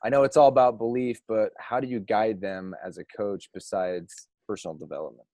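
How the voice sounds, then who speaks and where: A man's voice: fairly low pitch, fairly even intonation, brisk, mellow, no echo, clean studio sound. A man hosting an interview, affirming answers and reading out questions in an upbeat way. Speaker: interview host.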